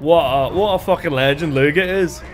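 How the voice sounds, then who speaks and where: Excitable high-voiced male streamer. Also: moderate pace, slight background noise. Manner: excitable, swears freely, shouts at the game. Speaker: livestreamer. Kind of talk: casual gameplay commentary.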